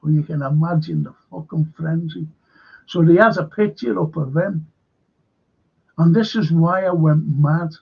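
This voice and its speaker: A man's voice: fairly high pitch, steady tone, measured pace, vocal fry, breathy edge, muffled recording. A man hosting a stream, rambling and indignant with heavy swearing. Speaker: host.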